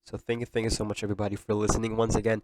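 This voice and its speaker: Podcast host, young man, low register, tearful sincerity, dry close mic. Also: completely flat delivery, racing, dry recording. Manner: emotional, tearful, earnest. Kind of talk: heartfelt podcast monologue.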